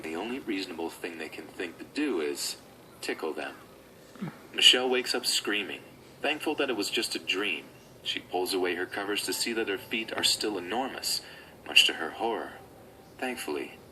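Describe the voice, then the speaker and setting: Brief: male narrator, low and animated, scripted recap read, noisy home mic. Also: moderate pace. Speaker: video narrator.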